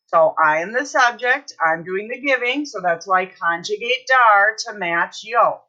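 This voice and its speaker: Woman teacher giving a recorded online Spanish lesson; bright tone, patient step-by-step delivery. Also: medium pitch, animated, measured pace, few pauses, lo-fi sound. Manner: explains step by step, checks in with "okay?".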